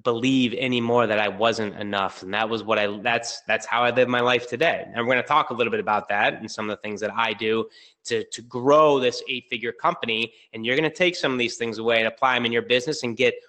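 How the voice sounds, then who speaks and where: Bright-voiced man telling a coaching story. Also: medium pitch, quick pace. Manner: energetic storytelling, acting out both sides of a dialogue. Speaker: business coach. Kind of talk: motivational webinar talk.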